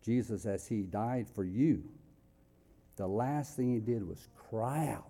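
Dark-voiced slow preaching man. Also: on the low side. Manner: dynamic, swings from loud exclamations to hushed near-whispers. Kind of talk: sermon.

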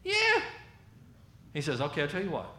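A man's voice: medium pitch, brisk, slight background noise. Southern American man telling a story in an echoey room. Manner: animated storyteller acting out quoted voices. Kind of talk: storytelling sermon.

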